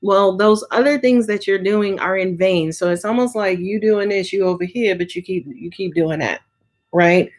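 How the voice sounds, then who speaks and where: A woman's voice: medium pitch, moderate pace. A woman giving a casual live tarot reading, chatty and full of filler words and swearing. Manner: casual, chatty, swears often, frequent "right?" and "um". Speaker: tarot reader.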